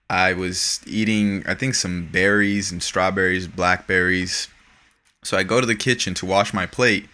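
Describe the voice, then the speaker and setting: A man hosting a podcast, telling an animated, profane story in casual chat. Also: deep voice. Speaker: podcast host.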